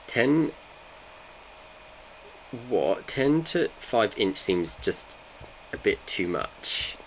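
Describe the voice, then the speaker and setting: A man's voice: lowish voice, sing-song, drawn-out words, slight background noise. A man, chatting and joking with his viewers while playing a game. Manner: joking, bantering with chat. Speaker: streamer. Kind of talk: casual live gameplay chat.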